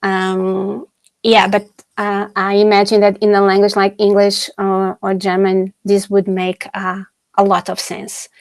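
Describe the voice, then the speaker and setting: A woman researcher takes audience questions in an online academic Q&A, speaking slowly and hesitantly with plenty of fillers and restarts. Her voice sits in a middle pitch. The video-call sound is dry and close. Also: completely flat delivery, no echo. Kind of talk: academic webinar Q&A.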